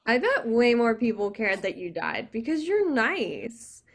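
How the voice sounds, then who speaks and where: A woman's voice: a little high, sing-song, a little slow, full character voice. A woman reading a brash, drunk young woman in the afterlife, sarcastic and slurring, at a video call table read.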